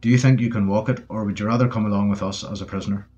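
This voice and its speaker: A gruff, low-voiced army sergeant barks orders in a wartime audiobook, read by a man. The recording is dull and muffled, with faint music underneath. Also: fairly even intonation, very fast, darkish tone, natural voice. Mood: brisk. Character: tough wartime British army sergeant, blunt and commanding.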